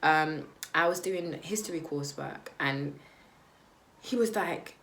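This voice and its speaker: A young woman tells her own story to camera in a candid, faltering way. Her voice sits low for a woman, with many "um"s and "like"s. A faint hiss runs under it. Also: takes it slowly, vocal fry, a bit bright. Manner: candid, hesitant, lots of "um" and "like". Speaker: vlogger. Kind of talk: personal testimony to camera.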